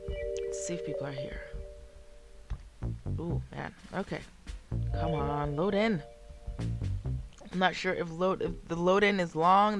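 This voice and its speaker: A woman streaming a video game, chatting and reacting excitably as she plays. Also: on the low side. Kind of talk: live gameplay commentary. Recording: game music behind.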